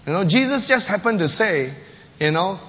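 A man preaching a sermon, telling scripture stories with lively, acted-out quotes. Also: normal speed, slightly rough. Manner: animated storytelling, acting out quotes with rising pitch and loudness. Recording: dull lo-fi recording with long hall reverb and faint noise.

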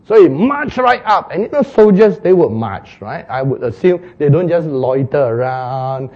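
A man preaching an animated, playful sermon retelling, laughing at his own jokes. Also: fairly high pitch, moderate pace, dull audio.

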